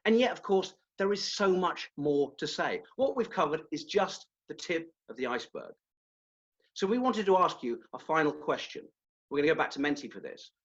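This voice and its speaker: A man leading a webinar as a presentation skills trainer, animated and demonstrative, sometimes correcting himself mid-phrase. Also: on the high side, moderate pace, dull audio.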